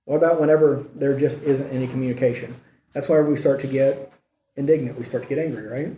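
A man's voice: mid-range voice, steady tone, fast talker, mellow, roomy sound, a little hiss or hum. A man teaching a church class on marriage, often asking the class questions and checking in with "okay" and "right". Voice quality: says he has trouble with R's.

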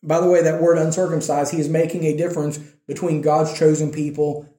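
A male preacher retelling a scripture story in a relaxed, conversational way, his voice pitched a little high but mellow in tone. He bursts into lively quoted lines as he tells it. The room around him is echoey. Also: brisk. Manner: animated storytelling, acting out the quotes. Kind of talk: conversational sermon.

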